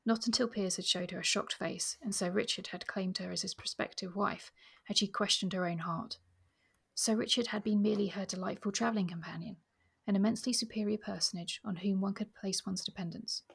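A woman reads passages of a novel aloud with expression and talks about the story between passages. Her voice is mid-pitched, husky and gravelly with fry. At times she drops almost to a whisper. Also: steady tone, a little fast. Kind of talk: reading aloud and discussing a novel.

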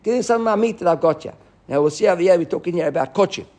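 A man teaching a Talmud class, animated and often restarting as he explains. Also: high voice, racing. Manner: animated, restarts often, mixes Hebrew and Aramaic terms.

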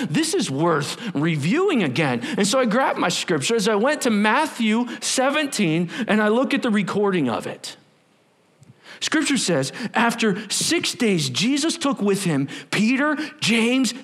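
A pastor preaching a sermon to his church, acting out scripture with questions and asides. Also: sits high. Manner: animated, acts out scripture and voices with asides. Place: church sanctuary with a screen behind him.

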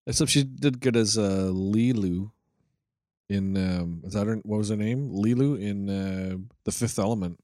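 Low-voiced man in casual chat. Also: measured pace, a little mellow, no echo, studio quality. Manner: conversational, tag questions, frequent "right". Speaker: podcast co-host.

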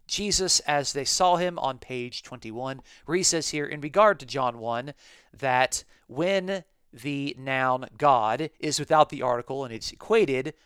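A man's voice: medium pitch, a bit bright, clean tone, dry recording, studio quality. A man hosting a podcast, teaching a scripture study in a methodical, explanatory way and repeating key phrases. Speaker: podcast host and Bible teacher.

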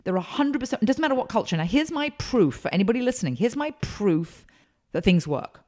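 A woman consultant and speaker, telling emphatic, animated stories as a guest in a podcast interview. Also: on the high side, quick pace.

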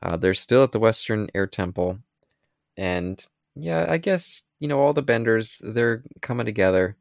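Co-host, male, deep voice with a gravelly edge, dry close sound, retells scenes with little voiced lines. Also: lively intonation, moderate pace, no room sound. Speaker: podcast co-host. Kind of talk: casual chat.

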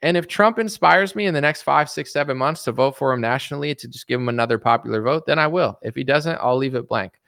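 A man's voice: mid-range voice, quick pace, vocal fry, few pauses, fairly bright tone, no room sound, clean studio sound. An American man in a casual reaction chat, answering viewer comments in a rambling, blunt and defensive way, full of fillers. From United States.

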